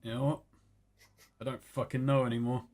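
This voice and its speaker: A gruff, withdrawn ex-brawler speaks flatly and wearily, swearing as he goes, as a man voices him in a tabletop game. The voice is mid-pitched and sounds like the player's own. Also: brisk, close to an everyday voice. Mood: weary. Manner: flat, weary, swearing. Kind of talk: in-character tabletop role-play.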